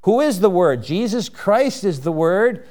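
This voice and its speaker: A man with a high, clear voice delivers a sermon slowly and deliberately. He reads scripture aloud, then explains each word carefully and asks his listeners rhetorical questions. His tone is smooth and measured throughout. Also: big pitch swings, darkish tone. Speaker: preacher. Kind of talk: slow expository sermon.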